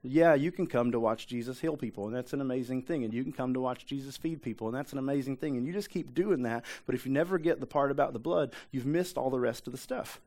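A man's voice: mid-range voice, fast talker, hardly any pauses, darkish tone. A male pastor preaches in a casual, conversational way. He hammers his points home by repeating them and keeps asking the room rhetorical questions. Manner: repetitive emphasis, rhetorical questions. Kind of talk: conversational sermon.

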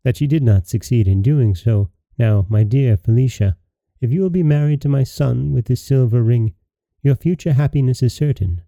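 A man voicing a gracious, motherly fairy queen in a storybook reading, soft and stately, on a dry, dull lo-fi recording. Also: medium pitch, normal speed, no room sound, lightly acted.

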